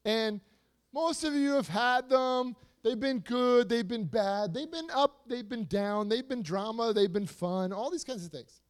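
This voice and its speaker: A man preaching to a youth group, animated and repetitive, swinging between soft asides and loud emphasis with lots of rhetorical questions. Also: very high voice, a little slow. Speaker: youth speaker.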